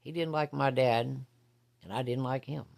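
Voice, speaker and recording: A man with a mid-range, creaky voice speaks at a moderate pace in a steady tone. He casually tells a story from his own life, blunt, folksy and profane.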